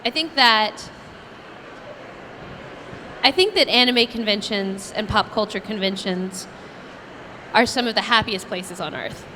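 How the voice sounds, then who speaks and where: A woman voice actress telling stories at a convention Q&A, chatty and animated, laughing often. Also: mid-range voice, unhurried, long pauses, slight background noise. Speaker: voice actress guest. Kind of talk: convention Q&A storytelling. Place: convention panel room.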